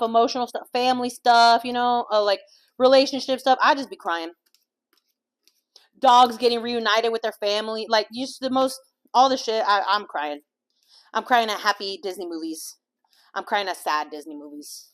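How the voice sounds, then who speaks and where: A woman's voice: a little high, normal speed, long pauses. A woman vlogger and life coach in a home kitchen, rambling candidly through a casual chat full of fillers and swearing. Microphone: small clip-on mic.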